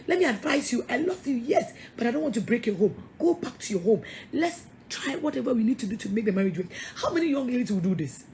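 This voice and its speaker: High-voiced Ghanaian woman preaching emphatically. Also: sing-song, fast, hardly any pauses, a little mellow, slight background noise. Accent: Ghanaian English. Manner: emphatic, scolding, repeats words, laughs often. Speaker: pastor. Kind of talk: sermon-style counselling talk.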